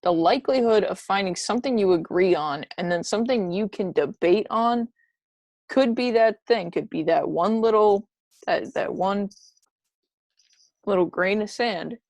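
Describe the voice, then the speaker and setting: A woman's voice: on the low side, gravelly, a little mellow, dry recording. A woman co-hosting a casual podcast chat, talking in an earnest, encouraging way. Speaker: podcast co-host.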